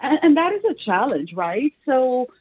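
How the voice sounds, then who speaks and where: A woman's voice: high voice, sing-song, moderate pace, husky. A woman speaking as an interview guest over a remote call, talking reflectively and thinking aloud as she goes. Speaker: guest, doctoral researcher. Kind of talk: casual interview conversation. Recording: tinny phone-like remote call audio.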